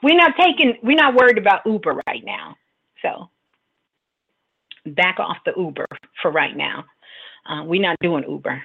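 A middle-aged woman hosting a talk show and giving casual advice in a teasing, animated way. She laughs often and acts out the voices she quotes. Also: lowish voice, normal speed, creaky, pauses often, breathy edge. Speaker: radio host and spiritual advisor. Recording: tinny phone-line sound.

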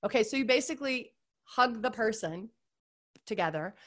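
Guest: bubbly woman, a touch high, chatty and effusive, sprinkles fillers everywhere. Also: animated, normal speed, a bit bright. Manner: gushing, upbeat, heavy use of "like" and "you guys". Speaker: podcast guest. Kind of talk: casual interview chat.

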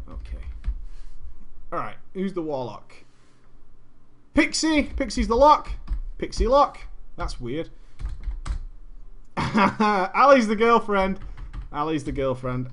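A man's voice: high voice, big pitch swings, takes it slowly, pauses often, a bit bright. A man streaming, reading a viewer's story aloud with crude, swearing, jokey asides.

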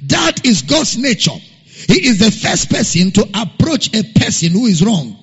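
A man's voice: sits high, big pitch swings, normal speed, slightly rough. A man preaching a sermon. He stresses key lines by repeating them and reads scripture aloud in King James wording. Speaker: pastor. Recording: dull, lo-fi recording with long hall reverb.

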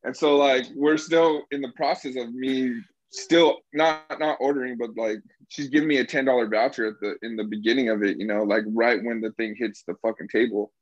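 A young man telling a funny story in casual chat, animated, often laughing and swearing. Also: medium pitch, a little fast. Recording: slightly dull dry recording.

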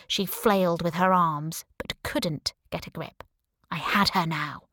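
Female audiobook narrator, lower register, wry sarcastic first-person read, dead-dry booth sound. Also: a bit bright, dry recording.

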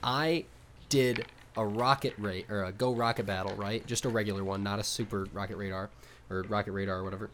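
A young man co-hosting a podcast, telling stories in a casual, animated way with swearing. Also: on the low side, fairly quick, a little hiss or hum. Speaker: podcast co-host. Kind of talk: casual chat.

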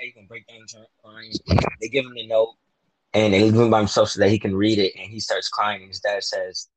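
A man's voice: lowish voice, steady tone, fast, breathy edge, no echo, low-quality recording. A man in casual chat, rambling through his guesses with slang and self-corrections, acting out the lines he imagines. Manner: loose slangy speech. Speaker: fan discussing a TV show. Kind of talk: casual chat, predicting plot.

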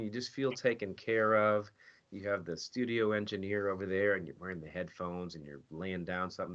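Interviewed as a guest, this male voice actor shares stories in a relaxed, lively way, performing his own quoted lines. His voice is low-pitched with a fairly bright tone, heard through dull, lo-fi recording.

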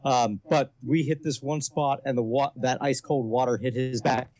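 A man's voice: mid-range voice, steady tone, moderate pace, darkish tone. A married man telling a casual anecdote, with "friggin'" as a filler.

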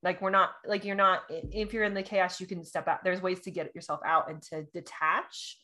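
A woman co-hosting a casual astrology chat, bubbly and easily excited, often breaking into laughter and delighted exclamations. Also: on the low side, fairly quick. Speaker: podcast co-host.

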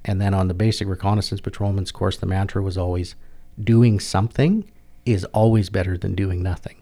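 A middle-aged man tells his story as an interview guest, halting and plain-spoken, often circling back and repeating his words. His voice sits very deep and gravelly and stays flat in tone. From Canada. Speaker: guest, military veteran. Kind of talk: personal storytelling in a podcast interview.

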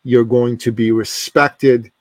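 Guy in his 40s telling a story on a podcast, fired up and emphatic, middle pitch, dry close sound. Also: level tone, slow pace, a little mellow, dry recording. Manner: emphatic, passionate, with repeated restarts. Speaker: podcast guest. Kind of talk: animated storytelling.

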